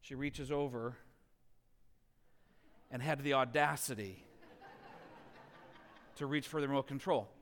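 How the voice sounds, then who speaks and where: A man preaching a sermon as a pastor, telling a family story with lively, animated delivery. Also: medium pitch, unhurried, pauses often, in a large hall, slight background noise. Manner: animated storytelling, rising loud when acting out scenes.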